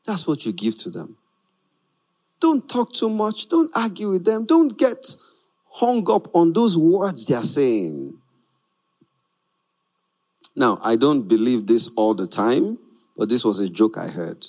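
A man preaching a sermon in an animated way, often laughing and acting out the people in his stories. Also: mid-range voice, slow, pauses often.

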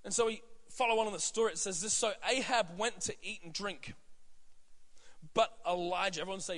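Pastor, thirties, male; bright, easygoing preaching voice with a long reverb. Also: high voice, fairly quick. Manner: conversational, many fillers and asides. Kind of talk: sermon.

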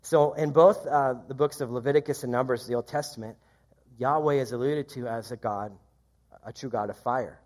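A man preaching a sermon, reading scripture aloud and commenting in a conversational, lively way. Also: moderate pace. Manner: lively, rises in pitch when quoting. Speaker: pastor.

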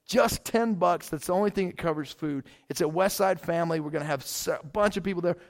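A male pastor preaching in a casual, conversational way, often saying "man" and "like" and restarting phrases, moving between loud emphatic bursts and quiet asides. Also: sits high, brisk, gravelly. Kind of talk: casual sermon.

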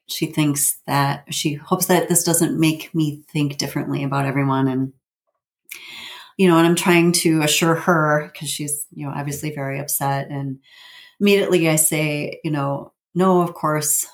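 Low-voiced woman in her fifties, halting. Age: 50s. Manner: halting, with frequent fillers and nervous laughs. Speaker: guest telling her family story. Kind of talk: personal storytelling.

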